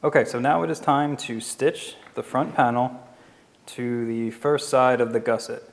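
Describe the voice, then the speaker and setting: Man, Philadelphia accent, casual how-to tutorial, mid pitch, long echoing reverb. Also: measured pace. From Philadelphia area. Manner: relaxed, talks while working, step by step. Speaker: leathercraft instructor.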